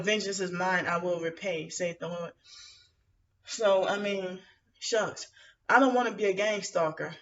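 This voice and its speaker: A woman vlogger vents in a rambling, indignant monologue, full of fillers and restarts as she airs her grievances. Her medium-pitched voice is a bit bright, heard through muffled lo-fi audio from some distance to the mic.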